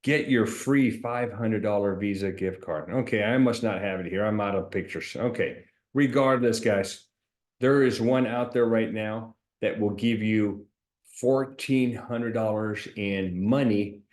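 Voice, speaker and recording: A man working as an insurance agent who talks straight to his viewers, animated and sarcastic, explaining while he shares his screen. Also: on the low side, a little slow, reverberant.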